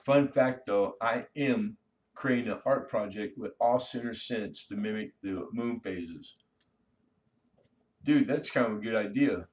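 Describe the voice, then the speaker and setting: A man with a low-pitched voice, talking loosely and slangily to his live-stream viewers while showing off coins and collectibles. He sits a little away from the microphone, so the voice sounds somewhat distant. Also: unhurried, darkish tone. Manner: laid-back and slangy, chatting to viewers. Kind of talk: casual live-stream chat.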